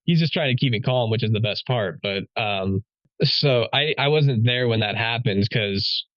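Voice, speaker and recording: A man's voice: mid-range voice, normal speed, dry recording. A man speaks in an everyday mid-range voice, rambling through his story with fillers and dry humor. The mic sounds dry and a little muffled. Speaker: police officer guest. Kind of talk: casual podcast storytelling.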